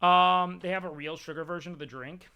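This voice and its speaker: A man's voice: sits high, steady tone, a little fast, pushed and bright, smooth, dry recording, dull audio. A man hosting a livestream, chatting casually and reading chat in a blunt, profane, self-mocking way. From Mexican and Salvadoran heritage. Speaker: livestream host.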